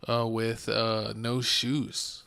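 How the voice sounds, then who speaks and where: A man hosting a podcast in casual chat, retelling events in an animated, joking way. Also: fairly low pitch, extremely slow, vocal fry. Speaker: podcast host.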